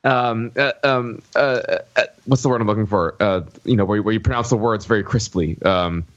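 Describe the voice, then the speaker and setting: A man's voice: fairly low pitch, normal speed, muffled recording. A man from the American South co-hosting a podcast, talking casually about a film and often searching for his words. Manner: searching for words, many fillers and restarts. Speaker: podcast co-host.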